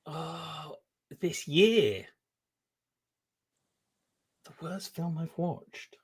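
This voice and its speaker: A man's voice: on the high side, extremely slow, breathy edge. A man, chatting casually and telling stories with lots of laughter. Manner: giggly, animated storytelling. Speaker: guest. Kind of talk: casual chat on a live stream.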